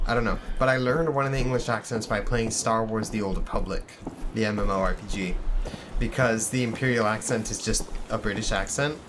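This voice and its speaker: A man's voice: lowish voice, brisk, noisy background. A man hosting a gaming channel, giving casual let's-play commentary in a jokey, rambling, self-deprecating way. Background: game music.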